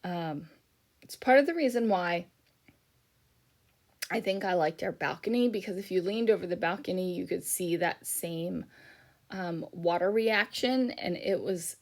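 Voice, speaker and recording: A middle-aged woman talks through a craft video in a relaxed, rambling voiceover, her voice sitting a little low. She sounds worn out, yawning between thoughts and filling pauses with frequent ums. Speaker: scrapbooking YouTuber. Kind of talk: casual voiceover chat.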